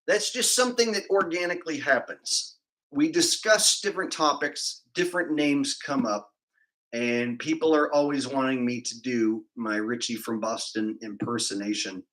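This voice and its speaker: A California man reads donations aloud during his stream, wandering off into crude jokes and casual banter. He has a mid-range, slightly bright voice at a moderate pace, captured in low-quality audio.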